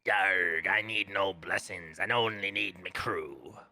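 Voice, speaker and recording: A man doing a gravelly growling pirate. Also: low-pitched, takes it slowly, bright, forceful tone, no echo, pitched below the performer's own voice, heavily acted. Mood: gruff. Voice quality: gravelly, growled back-of-throat voice with rolled R's. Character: rough growling salty male pirate.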